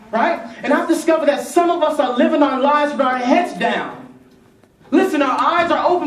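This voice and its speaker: Brief: energetic male youth speaker, call-and-response, heard from afar in an echoey hall. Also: very high-pitched, normal speed, recorded from a distance. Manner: energetic, rhythmic, rallies the crowd. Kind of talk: motivational speech with call-and-response. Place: large conference hall.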